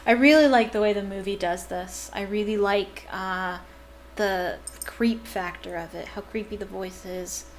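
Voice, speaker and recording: A woman's voice: mid-range voice, unhurried, a little hiss or hum. Chatty woman reading and gushing. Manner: enthusiastic, chatty asides. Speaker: reader and fan commentator. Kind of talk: reading a novel aloud with casual commentary.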